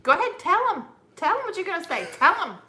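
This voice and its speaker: A woman co-hosting a homestead channel, chatting casually and telling stories with lively laughter. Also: very high-pitched, fast. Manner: animated, laughing storyteller. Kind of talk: casual chat.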